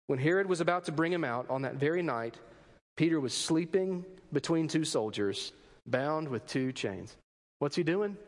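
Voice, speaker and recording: Male pastor, high voice, conversational sermon with rhetorical questions and light humor. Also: in a large hall.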